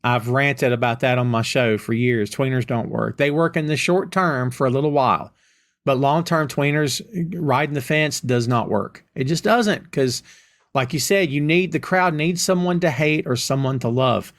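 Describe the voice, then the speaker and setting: A man's voice: medium pitch, moderate pace. A man hosting a podcast, talking in an opinionated, casual way straight to his listeners. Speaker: podcast host. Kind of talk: casual chat.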